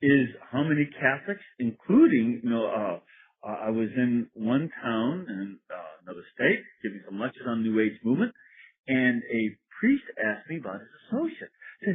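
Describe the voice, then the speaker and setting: A man's voice: mid-range voice, big pitch swings, normal speed. A man, a priest, giving a wry, storytelling lecture and laughing at his own anecdotes. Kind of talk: sermon-like lecture. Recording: tinny phone-like lo-fi recording.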